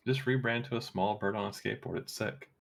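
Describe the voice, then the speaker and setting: A man's voice: lowish voice, quick pace, creaky. A man who chats on a stream and cracks playful jokes. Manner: playful, joking. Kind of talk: casual gaming chat.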